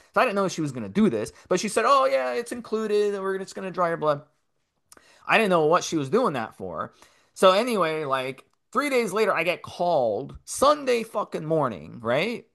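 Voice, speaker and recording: A man's voice: fairly high pitch, a bit bright. A man in his forties telling a rambling, profane story in casual podcast chat. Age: 40s. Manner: profane, rambling, repeats himself. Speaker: podcast co-host.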